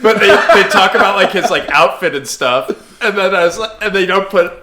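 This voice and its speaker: Man, young adult, bright tone, slightly high, gleeful dark humor, podcast banter. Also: a little fast. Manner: laughs through his stories, crude and gleeful. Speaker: comedian guest. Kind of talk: casual podcast chat.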